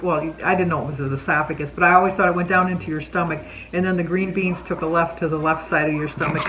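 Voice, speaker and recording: An older woman chatting casually as host, wandering into long stories and laughing as she goes. Faint noise sits behind her voice. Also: fairly low pitch. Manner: chatty storyteller, laughs often. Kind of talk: casual chat.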